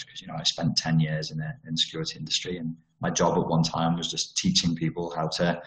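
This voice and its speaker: A man's voice: sits low, roomy sound, low-quality recording. A man talking frankly over a video call about trauma recovery, digressing and restarting his sentences. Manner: candid and digressive, with frequent restarts.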